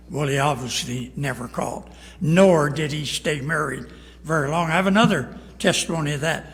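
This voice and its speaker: A man's voice: fairly high pitch, normal speed, vocal fry, a bit bright, long reverb tail. An older man, a pastor, preaching a folksy sermon, telling stories in plain speech and acting out the dialogue. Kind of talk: storytelling sermon. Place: church sanctuary.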